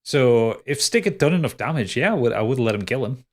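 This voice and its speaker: A man's voice: medium pitch, lively intonation, fairly quick. A man as game master, wrapping up a tabletop podcast episode in rambling, upbeat casual chat. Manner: rambling, lots of restarts and laughs, upbeat.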